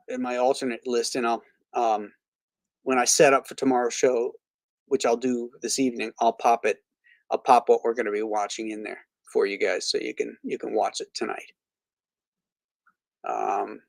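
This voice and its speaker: A Florida man hosts a casual live movie stream, reading viewer comments aloud and rambling with lots of fillers and restarts. He's blunt and opinionated about what he dislikes. His voice sits at medium pitch with no echo.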